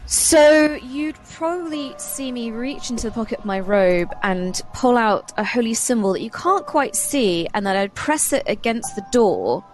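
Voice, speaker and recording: A woman's voice: on the high side, animated, unhurried, hardly any pauses. Woman playing d&d, kinda hesitant, walking through her spell, faint music behind. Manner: hesitant, thoughtful. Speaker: player. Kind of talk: tabletop game play.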